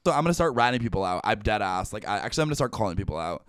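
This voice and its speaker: A young man hosting a podcast, ranting in a casual, profane and animated way. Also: fairly low pitch, very fast, few pauses, smooth, no room sound, studio quality. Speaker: podcast host. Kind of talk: casual comedic chat.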